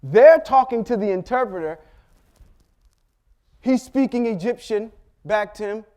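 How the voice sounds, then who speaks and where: A man teaching a Bible lesson, telling the story with animated delivery and acting out the characters' lines. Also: sits high, measured pace. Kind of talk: sermon teaching.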